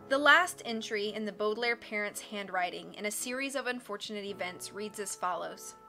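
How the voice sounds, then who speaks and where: A woman reading a book aloud on a live stream, with expressive narration and casual asides to her chat. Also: mid-range voice, fairly quick, faint music behind.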